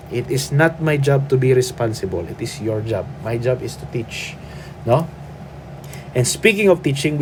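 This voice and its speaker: A man's voice: mid-range voice, warm tone, a little hiss or hum. A man with a Filipino accent, a nursing instructor giving a recorded class lecture, firm and often checking in with "okay?" and "no?". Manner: firm, tags lines with "okay?" and "no?"; mixes English with Cebuano.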